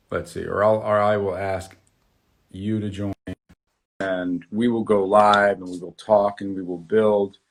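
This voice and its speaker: A man hosting an art talk show on a live stream, chatting casually and greeting viewers by name. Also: fairly low pitch. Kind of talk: casual livestream chat. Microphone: webcam on a live video stream.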